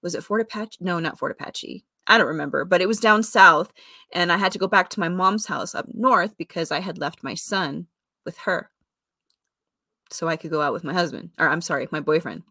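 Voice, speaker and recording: A woman with a fairly low voice tells a personal story in a candid, meandering way. She keeps backtracking and correcting herself, dropping fillers and little laughs. The sound is dry and close, with no room around it. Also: a little fast, no echo. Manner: rambling, self-correcting, with fillers and soft laughs.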